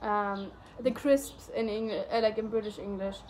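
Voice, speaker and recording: A woman's voice: mid-range voice, steady tone, a little slow, a little mellow, slight background noise. A young woman whose first language is German, chatting casually and rambling with many fillers. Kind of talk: casual chat.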